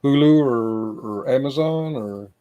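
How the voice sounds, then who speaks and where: A man from the United States hosting a late-night livestream chat, rambling with halting restarts. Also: medium pitch, clear, resonant tone, dry recording, highs cut off. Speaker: livestream host.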